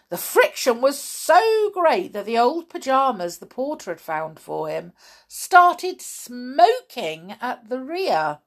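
A woman reads a children's storybook aloud, dragging each phrase out very slowly for effect. Her voice sits fairly high and swoops up and down with dramatic expression. Each sound word gets a full, playful punch. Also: very animated. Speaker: narrator. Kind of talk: storybook reading.

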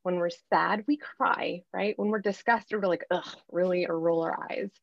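A woman's voice: lowish voice, fairly even intonation, normal speed, creaky, dry recording, dull audio. A woman in her thirties, a life coach, telling her story candidly and with animation in a podcast interview.

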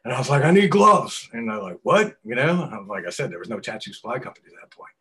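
A middle-aged man, a tattoo artist telling stories in an interview, swearing often and acting out quotes loudly. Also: fairly low pitch, rapid-fire. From New York. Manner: animated, profane storyteller who acts out quotes loudly. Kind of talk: casual storytelling interview.

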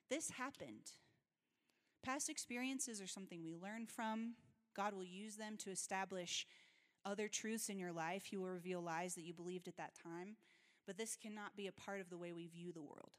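Woman pastor preaching in an echoing hall. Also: mid-range voice. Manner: conversational, earnest, laughs often. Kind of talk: sermon. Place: church sanctuary. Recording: reverberant church hall.

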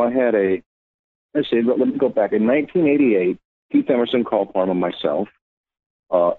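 A man with a fairly low voice tells his story at length, slipping into the voices of people he quotes. He is heard over a narrow, phone-like line. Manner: rambling anecdotal, acts out quotes. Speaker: musician guest. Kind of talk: interview storytelling.

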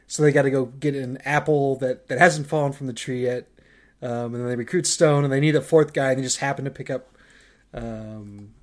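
A man's voice: medium pitch, darkish tone. A man co-hosting a casual movie podcast, talking in a rambling way with many restarts and fillers. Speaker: podcast co-host.

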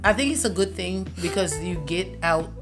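A middle-aged woman, a guest mother on a podcast, telling family stories in a lively, laughing way. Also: on the low side, moderate pace, over music. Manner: lively storyteller who laughs as she talks. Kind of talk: casual podcast chat.

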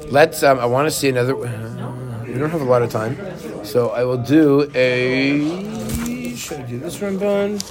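A man's voice: mid-range voice, a little slow, music in the background. A man teaching a Torah class who keeps asking his students questions. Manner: animated, asks the class questions.

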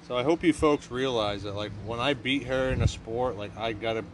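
A man's voice: mid-range voice, brisk. A man in his thirties chatting casually and joking with his wife. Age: 30s. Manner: joking, laid-back banter. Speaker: vlogger, retired husband. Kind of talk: casual outdoor chat. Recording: noisy outdoor recording, traffic nearby.

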